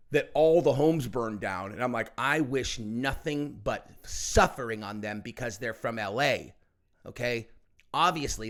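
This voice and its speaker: A man's voice: medium pitch, a bit bright. A man hosting a political commentary show, ranting in a heated, profane and mocking way, often acting out quotes.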